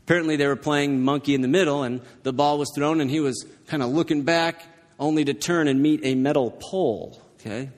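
A man's voice: fairly high pitch, steady tone, fairly quick, big-room sound. A male pastor preaching a sermon, telling a personal story in a conversational way and often checking in with the congregation. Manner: conversational, keeps checking in with the listeners.

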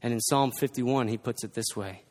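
Speaking at a moderate pace, this pastor has a mid-range, slightly mellow voice. His sermon reads from scripture and presses each point with emphatic, repeated exhortations, all echoing with the long reverb of a large hall.

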